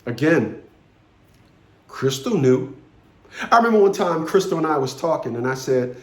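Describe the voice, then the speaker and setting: A man's voice: a little high, lively intonation, normal speed, pauses often, a little mellow, reverberant. A man in his fifties, ranting bluntly to camera and telling a story, profane and commanding, repeating phrases for emphasis. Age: 50s. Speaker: vlogger.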